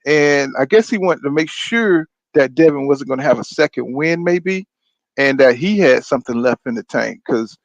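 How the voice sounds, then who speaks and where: A man's voice: medium pitch, expressive, normal speed, gravelly, dry recording. A man hosting a boxing podcast. He talks in a casual, rambling way, gets heated and swears a lot, and keeps saying "you know what I'm saying". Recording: dull, dry lo-fi sound.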